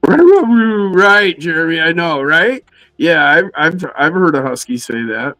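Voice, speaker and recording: A man's voice: normal speed, sharp tone, no room sound, soft background music, rough recording. Laid-back swearing male streamer. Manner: laid-back, swearing, acts out quotes in a high voice. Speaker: co-host. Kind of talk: casual livestream chat.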